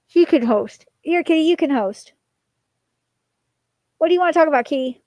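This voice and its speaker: A woman's voice: high-pitched, animated, normal speed, long pauses, dark tone, no room sound. A woman streaming casually, rambling with many fillers and cooing at her cat in baby talk. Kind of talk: casual live-stream chat.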